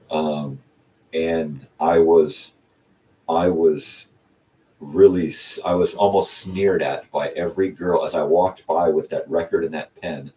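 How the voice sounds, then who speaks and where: Very deep-voiced older man rambling. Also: steady tone, slow, long pauses, dark tone. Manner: rambling, many ums and restarts. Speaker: channel host. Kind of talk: casual storytelling. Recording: distant mic with faint hiss.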